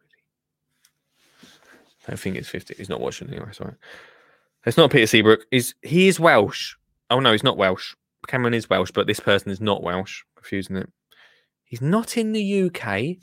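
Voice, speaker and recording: A man's voice: on the low side, big pitch swings, brisk, long pauses, a bit bright, no echo. A man hosting a casual livestream, chatty and laughing, often muttering to himself and trailing off while he works the computer. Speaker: livestream host. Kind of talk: casual live-stream chat.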